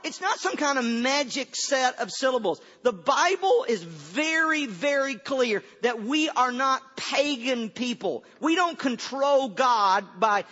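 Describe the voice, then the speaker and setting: A man's voice: very high-pitched, bright, forceful tone, in a large hall, dull audio. A man preaching a sermon to a room of listeners, telling a story conversationally with many stammers and restarts.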